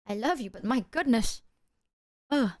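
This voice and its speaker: A young woman livestreaming casual chat, animated and giggly, talking to her cat at her desk mic. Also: fairly high pitch, a little slow, no echo, clean studio sound. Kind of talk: casual live-stream chat.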